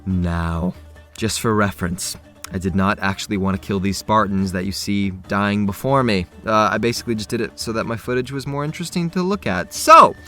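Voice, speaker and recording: A man's voice: fairly low pitch, fairly quick, bright, forceful tone, soft background music. A man casually talking through a video game quest, chatty and self-correcting as he goes. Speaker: gaming youtuber.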